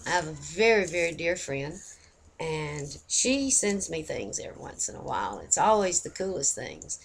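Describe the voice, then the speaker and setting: A woman's voice: low-pitched, very animated, moderate pace, creaky, slight background noise. A woman, chatting casually and folksily to camera in a rambling way. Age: 50s. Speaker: vlogger.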